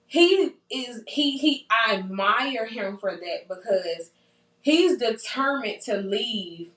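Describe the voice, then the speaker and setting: A woman's voice: on the high side, expressive, takes it slowly, fairly bright tone. A young woman hosting a podcast in casual chat, earnest and encouraging, often repeating herself for emphasis. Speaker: podcast host. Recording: roomy sound from a distant mic.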